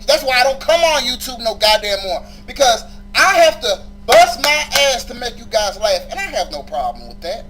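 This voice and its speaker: A man's voice: extremely high pitch, sing-song, normal speed, few pauses, fairly bright tone, faint music behind, rough recording. A man ranting aggressively and with passion in a profane vlog, arguing with his viewers and with a woman on the phone. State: injured leg. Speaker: vlogger.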